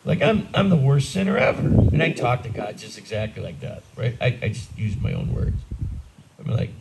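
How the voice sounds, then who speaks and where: A man's voice: mid-range voice, big pitch swings, normal speed, gravelly, noisy background. A man in his sixties, a priest, preaching a homily in a blunt, conversational, self-deprecating way. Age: 60s. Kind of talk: sermon.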